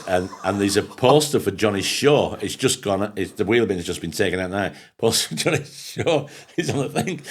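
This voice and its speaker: Low-voiced English comedian telling animated stories. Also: male voice. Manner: animated storyteller, acts out quoted voices, swears freely. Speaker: podcast co-host and comedian. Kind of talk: casual pub-style chat, telling stand-up anecdotes.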